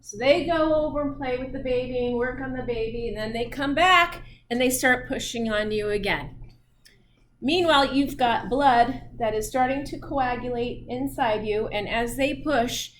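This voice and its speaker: A woman's voice: on the high side, normal speed, a little hiss or hum. A middle-aged woman teaching physiology in a chatty style, telling personal stories and laughing often. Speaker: physiology instructor. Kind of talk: lecture with personal anecdotes.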